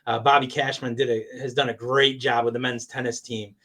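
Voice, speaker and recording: A man's voice: medium pitch, flat delivery, fairly quick, sharp tone. A man guesting on a sports podcast, talking in an enthusiastic, conversational way and laughing often. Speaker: guest, college athletics communications director. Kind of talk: casual interview chat.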